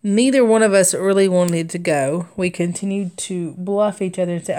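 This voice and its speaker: A woman's voice: fairly low pitch, normal speed, mellow. A young adult woman hosting a craft livestream, chatting casually and rambling through stories with frequent laughter and fillers. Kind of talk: casual storytelling chat while stitching.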